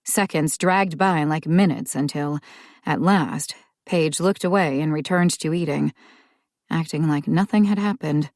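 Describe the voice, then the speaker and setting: A woman narrating an audiobook in a measured, calm way. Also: low voice, no room sound, clean studio sound.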